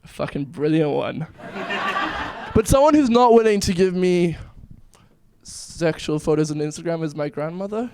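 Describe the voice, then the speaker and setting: A man's voice: fairly high pitch, expressive, a little slow, noisy background. Nervous young man doing stand-up. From South Africa. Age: 20s. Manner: nervous, self-deprecating joke delivery. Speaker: stand-up comedian and YouTuber. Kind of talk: stand-up comedy set. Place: comedy club stage.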